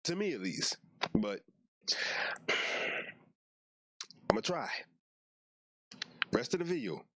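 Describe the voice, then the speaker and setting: A man's voice: medium pitch, sing-song, slow pace, fairly bright tone, dry recording. A young man doing casual reaction commentary in a slangy, laid-back way, mostly talking to himself. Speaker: YouTuber.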